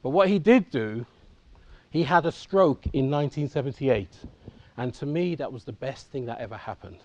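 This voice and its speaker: A man's voice: mid-range voice, expressive, moderate pace, a little mellow. A man in his fifties from England, telling his own life story to an audience in a candid, conversational way and often checking in with them. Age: 50s. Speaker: conference speaker. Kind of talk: personal storytelling talk.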